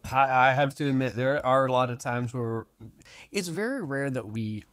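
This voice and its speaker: A man's voice: medium pitch, moderate pace, a bit bright, dry recording, clean studio sound. A man co-hosting a casual podcast from his own room, venting animatedly and acting out other people's remarks. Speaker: podcast co-host. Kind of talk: casual chat. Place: own room, recording remotely. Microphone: remote recording app.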